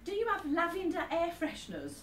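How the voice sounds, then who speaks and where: A woman's voice: extremely high pitch, huge pitch swings, a little fast, a bit bright, soft background music. A woman working as a psychic medium, giving a chatty live reading to an audience and often asking if they follow. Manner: chatty, keeps asking "are you with me?". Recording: echoey room, distant mic, faint noise.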